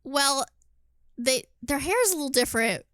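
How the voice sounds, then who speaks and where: A woman co-hosting a podcast, chatting casually about a film, animated, laughing often and swearing freely. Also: high voice, normal speed, no echo. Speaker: podcast co-host. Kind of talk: casual film review chat.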